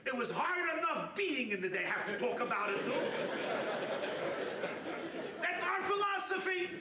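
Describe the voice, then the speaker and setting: A man giving a sermon as a rabbi at a weekend retreat, animated and humorous, driving his points home with shouted emphasis. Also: extremely high pitch, brisk. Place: hall at a retreat. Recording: roomy hall from a distant mic with faint noise.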